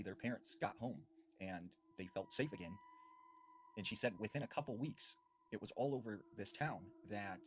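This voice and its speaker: A man's voice: fairly low pitch, a little hiss or hum. A man narrating a spooky story in a conversational way, with casual fillers. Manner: conversational, animated, with fillers like "you know". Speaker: horror storyteller. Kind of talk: spoken horror story narration.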